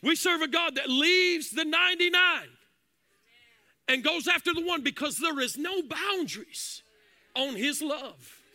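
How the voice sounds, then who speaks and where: A man preaching a fiery sermon from a church platform, shouting and half-singing his phrases. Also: very high voice, a little slow, dry recording. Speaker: pastor. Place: church sanctuary.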